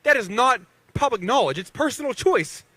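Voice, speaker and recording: A man's voice: very high-pitched, sing-song, normal speed, bright, forceful tone, dry recording. A man in his thirties from western Pennsylvania, a professional boxer giving a rousing rally speech with call-and-response to the crowd. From Beaver County, Pennsylvania.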